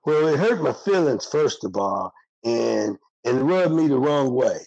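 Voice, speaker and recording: An older man talks bluntly in a candid interview, streetwise and heated. His voice is gravelly and dark with a husky edge. The sound is close and dry. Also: medium pitch, lively intonation, a little slow, no room sound, highs cut off. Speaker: interviewee, former prisoner.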